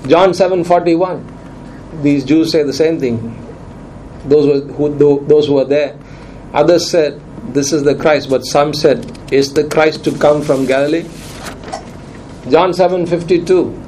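A man's voice: on the high side, dark tone, a little hiss or hum, low-quality recording. A man preaching a sermon, emphatic and repeating his key lines for weight.

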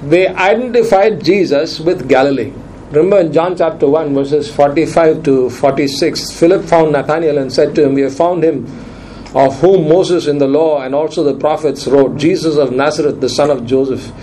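A man's voice: a little high, normal speed, dark tone, slight background noise, rough recording. A man preaching a sermon, emphatic and repeating his key lines for weight.

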